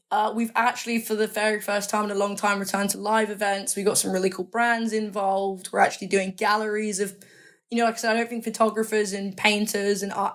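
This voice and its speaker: Chatty woman, enthusiastic. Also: medium pitch. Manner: rambling, enthusiastic, self-correcting. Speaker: magazine editor guest. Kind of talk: casual interview chat.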